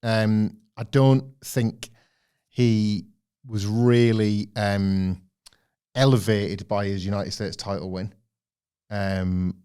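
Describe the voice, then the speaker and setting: A man's voice: fairly low pitch, fairly even intonation, slow pace, dark tone, smooth. A man co-hosting a podcast, giving a thoughtful, rambling analysis of a wrestling storyline in casual chat. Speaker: podcast co-host.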